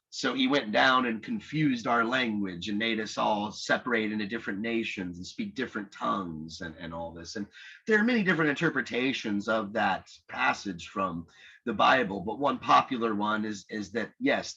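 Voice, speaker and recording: Husky-voiced man lecturing casually. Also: medium pitch, animated, normal speed, bright, forceful tone, lo-fi sound. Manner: conversational, rambling, frequent restarts. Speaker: teacher.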